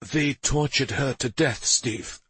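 A man putting on a loyal warrior speaking in a low, hoarse hush. The voice is husky and close, with a very dry sound. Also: slow, dry recording, exaggerated voice. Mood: shaken. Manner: hushed, hoarse. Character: shaken, loyal male warrior friend.

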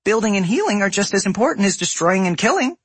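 A man voicing a naive, cheerful young goblin woman inventor in a high, earnest voice in an audiobook reading. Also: big pitch swings, fast, a bit bright, husky, dry recording, exaggerated voice. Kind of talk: audiobook character voice.

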